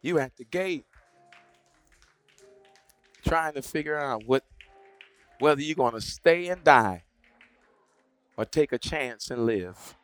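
A man's voice: mid-range voice, expressive, slow pace, pauses often, a bit bright, dry recording, faint music behind. A man preaching and praying aloud, repeating phrases and urging his congregation to speak along. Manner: repetitive, exhorting, call-and-response. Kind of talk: sermon with prayer.

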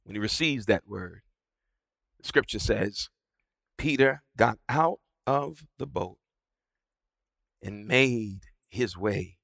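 A man preaching a sermon with dramatic swings between shouting and hushed, quiet passages. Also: on the high side, big pitch swings, slow pace, vocal fry, long pauses, dry recording, rough recording.

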